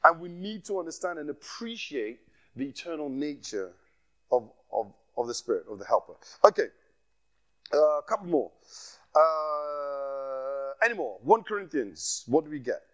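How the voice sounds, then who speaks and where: A man's voice: fairly high pitch, very animated, a little slow, fairly bright tone, lo-fi sound. A man leading an interactive Bible class as a guest speaker, asking the group questions and repeating his phrases as he teaches.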